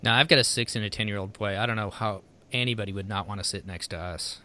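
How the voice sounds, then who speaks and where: A man hosting a podcast, asking questions in a relaxed way with many fillers. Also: fairly low pitch, quick pace. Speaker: podcast host. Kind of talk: casual podcast chat.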